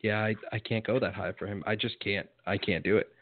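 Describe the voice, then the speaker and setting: A man's voice: on the low side, steady tone, brisk, a little hiss or hum. A man co-hosting a casual sports chat, hesitant and skeptical, often repeating himself, over tinny phone-like audio. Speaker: co-host.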